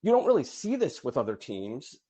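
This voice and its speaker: Guy calling in, wry and quick, pitch jumps all over. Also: huge pitch swings, dark tone, breathy edge. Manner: wry, quick opinions, laughs at his own jokes. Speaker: caller. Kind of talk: casual call-in chat.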